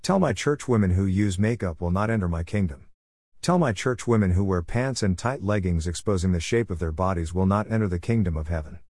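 A man's voice: low voice, fairly quick, darkish tone, no echo, clean studio sound. A man voicing the Lord as a stern, solemn judge in a retold vision.

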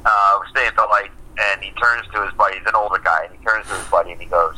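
A man's voice: fairly low pitch, fast talker, poor audio. A man from Ontario chatting casually as a co-host, swearing freely and laughing often as he tells stories. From Ontario, Canada. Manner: swears a lot, laughs often, animated storytelling. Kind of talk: casual chat.

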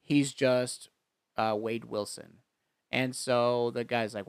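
Animated man retelling a movie, smooth clear voice. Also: mid-range voice, slow, no echo, studio quality. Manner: animated retelling, acts out lines, laughs often. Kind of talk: casual chat recapping a movie.

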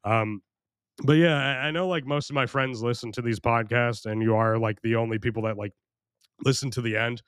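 A man's voice: mid-range voice, steady tone, a little fast, fairly bright tone, clear, resonant tone, dry recording, clean studio sound. A young American man hosting a solo podcast, rambling and crude and mocking himself, his voice strained and worn from recording. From United States. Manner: rambling, crude, self-mocking, frequent restarts. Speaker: podcast host.

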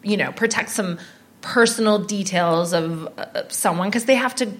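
A woman chatting candidly on a podcast, spinning frank, funny anecdotes from her own life. Her voice sits at a middle pitch, neither high nor low, and she talks in a loose, conversational way. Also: normal speed. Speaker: comedian guest. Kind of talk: casual podcast chat.

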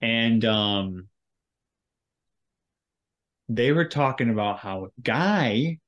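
A man's voice: medium pitch, lively intonation, drawn-out words, fairly bright tone, highs cut off. A man co-hosting a podcast, rambling in casual chat and searching for his words. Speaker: podcast co-host.

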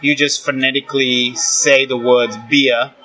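Bright, chatty man. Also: medium pitch, flat delivery, unhurried, faint music behind, low-quality recording. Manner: chatty, rambling, laughs often. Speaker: comedian guest. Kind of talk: casual chat.

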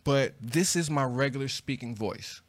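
A man's voice: medium pitch, normal speed. A young man co-hosting a podcast, laid-back and articulate, chatting casually and swearing freely. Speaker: podcast co-host.

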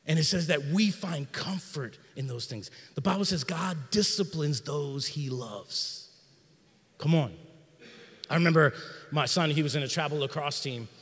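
A middle-aged man preaching a sermon in a church sanctuary, in an energetic, conversational style with slang. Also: medium pitch, in a large hall. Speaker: pastor.

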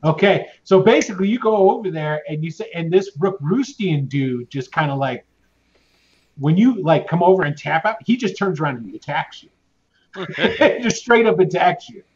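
A man's voice: fairly high pitch, expressive, normal speed. A man narrating as game master of a tabletop game, casual and rambling with lots of fillers and restarts. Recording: muffled lo-fi audio with clear background noise.

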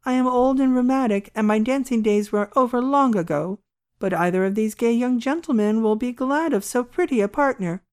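A woman reading a story aloud, voicing a gentle, grave old male doctor who speaks slowly, quietly and formally. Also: fairly high pitch, smooth, pitched above the performer's own voice, natural voice. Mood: politely declining.

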